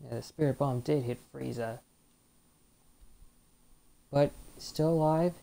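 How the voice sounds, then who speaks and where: A woman's voice: rumbling low, takes it slowly, gravelly, mellow. A woman host giving chatty let's-play commentary, reacting to a fighting game and reading its text aloud. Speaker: gaming channel host.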